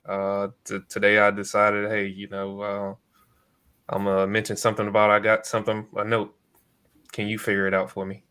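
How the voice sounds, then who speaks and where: A man co-hosting a casual podcast chat, speaking in a relaxed way with frequent hesitations; English is not his first language. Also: fairly low pitch, clear, resonant tone. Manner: relaxed, speaks slowly and evenly, many "uh" fillers. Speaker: co-host, real estate investor.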